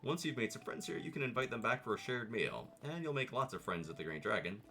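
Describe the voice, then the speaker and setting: A man's voice: medium pitch, animated, fast talker, pushed and bright, soft background music, voice pushed up. A man voicing a cheerful, motherly hobbit woman who welcomes a newcomer in a chatty way. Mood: welcoming.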